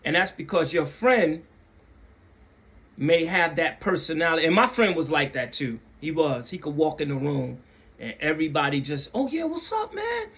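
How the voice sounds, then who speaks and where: Speaking at a moderate pace with a fairly bright tone, this man tells a story casually to the camera on his own channel. For emphasis he repeats phrases, and he imitates other people with big leaps in pitch.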